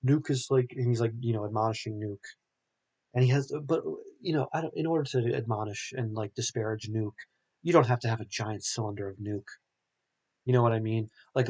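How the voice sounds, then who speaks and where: A man's voice: medium pitch, normal speed, a little mellow. A young man hosting a podcast, recapping a film in a rambling, casual way full of filler words. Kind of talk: casual chat.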